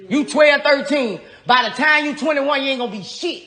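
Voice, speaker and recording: High, bright-voiced man lecturing. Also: moderate pace, hardly any pauses. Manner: lecturing, laughing, emphatic.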